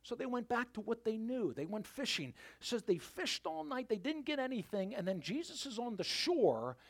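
Male pastor, sermon, high voice, very lively pitch, dramatic whispered asides. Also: normal speed. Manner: animated storytelling, dropping to a quiet near-whisper for emphasis.

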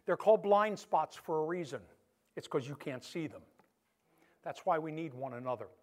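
Male pastor, high-pitched, animated conversational sermon delivery, loud-to-soft dynamics. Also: normal speed. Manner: animated preaching, swinging between loud emphasis and soft hush.

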